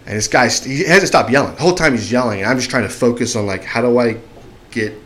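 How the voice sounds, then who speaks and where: A man's voice: medium pitch, fast. A man telling a long story on a podcast in casual speech, acting out the voices of people in it. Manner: animated, acts out shouting voices in his story.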